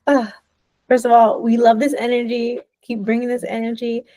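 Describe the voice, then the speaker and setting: A woman's voice: fairly high pitch, flat delivery, normal speed, dark tone, no room sound, rough recording. A woman hosting a spiritual gathering, speaking in an affirming, declarative way that slips into whispers. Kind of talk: casual spiritual talk.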